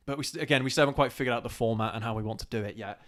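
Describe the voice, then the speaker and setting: A man co-hosting a live chat show, talking in a rambling, easygoing way. He restarts his sentences often and his voice lifts and speeds up as he gets worked up. His pitch sits in the middle range for a man. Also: very fast. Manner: rambling, animated when ranting, laughs easily. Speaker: co-host. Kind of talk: casual live-stream chat.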